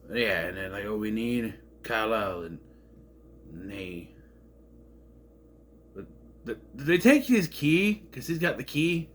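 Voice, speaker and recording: A man's voice: medium pitch, animated, unhurried, pauses often, slight background noise. A man casually recapping an episode, rambling and sarcastic, getting indignant over plot holes. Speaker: show reviewer.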